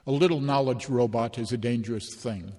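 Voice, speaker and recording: A man's voice: medium pitch, a little fast, dark tone, no room sound, natural voice. A man voicing an earnest, polite male robot servant in a storybook reading, formal and dutiful, recorded dry and close. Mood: preaching.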